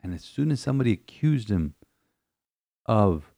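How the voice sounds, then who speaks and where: A man's voice: on the low side, big pitch swings, normal speed, vocal fry, mellow. A man who is a priest, reflecting on scripture in an emphatic, repetitive way, often restarting his sentences. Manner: emphatic, repeats phrases, stumbles and restarts. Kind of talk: podcast homily-style reflection.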